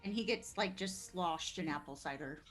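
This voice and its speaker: A woman playing a tabletop game, animated, describing and acting out her character's actions. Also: lowish voice, normal speed, faint music behind. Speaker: player.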